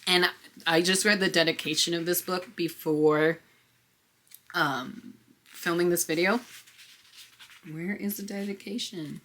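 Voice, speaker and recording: A young woman chatting excitedly in a casual book haul vlog, with frequent little laughs. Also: on the low side, unhurried, pauses often, a little hiss or hum. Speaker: book vlogger.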